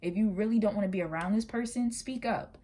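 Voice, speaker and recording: A woman giving a casual, earnest tarot reading to her viewers. She sometimes rushes her words. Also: mid-range voice, warm tone. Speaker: tarot reader.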